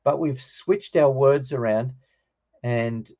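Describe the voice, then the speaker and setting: A man's voice: mid-range voice, slow, dark tone, highs cut off. A man teaching a Greek grammar class, explaining patiently and checking in with his students.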